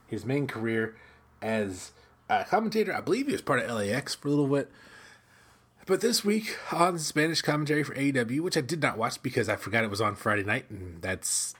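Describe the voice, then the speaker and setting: A man's voice: mid-range voice, a bit bright, slightly rough. A middle-aged American man hosting a casual solo podcast, rambling conversationally with lots of fillers and restarts. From United States. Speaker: podcast host.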